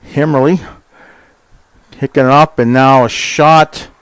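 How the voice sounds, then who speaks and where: A man doing casual, folksy play-by-play for a high school soccer game, chatty with plenty of fillers and quickening when a shot comes. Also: steady tone, clean tone, dry recording. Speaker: play-by-play announcer. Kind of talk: casual sports commentary.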